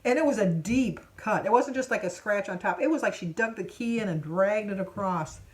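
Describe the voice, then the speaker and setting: A woman in her seventies talking straight to camera in a casual vlog. She rambles and restarts, tossing in fillers as she goes. Her voice sits at an ordinary middle pitch for a woman. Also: fairly quick. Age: 70s. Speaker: vlogger.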